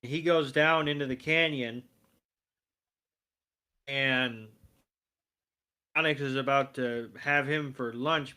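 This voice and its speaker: A man's voice: mid-range voice, bright, forceful tone. A man co-hosting a podcast, recapping a cartoon episode with wry, dry asides and some swearing. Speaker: podcast co-host.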